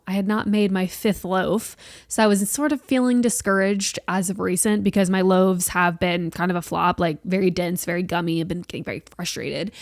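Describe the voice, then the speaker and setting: Woman, late twenties, podcast host, animated casual chat, dry close sound. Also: mid-range voice, no room sound. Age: late 20s. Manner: chatty and animated, swears casually.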